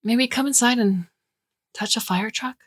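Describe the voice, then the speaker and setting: A woman doing a weary, deadpan young mother. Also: on the high side, a little slow, breathy edge, no echo, studio quality, voice pushed up. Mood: coaxing. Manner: mild, deadpan replies.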